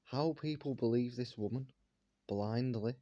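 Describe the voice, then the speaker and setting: A man's voice: medium pitch, a little slow, mellow, dry recording, dull audio. A man ranting to his viewers in an indignant monologue, firing one rhetorical question after another. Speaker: vlogger.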